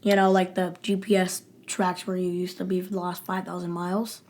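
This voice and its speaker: Relaxed woman podcast co-host. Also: on the low side, a little fast. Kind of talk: casual chat.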